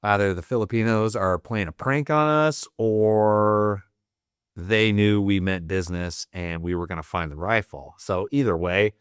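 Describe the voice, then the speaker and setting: A man with an unhurried, clear, resonant voice on the low side shares casual stories as a podcast guest; he's a Marine veteran. Expect plenty of swearing, rambling and "like" fillers. The recording is studio quality, free of echo.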